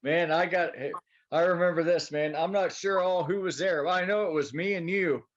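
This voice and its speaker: A teasing man with a somewhat high voice banters on a podcast and tells funny family memories. His sound is a little dull and muffled. He jokes easily with his co-host. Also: normal speed. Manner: teasing, joking. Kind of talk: casual banter.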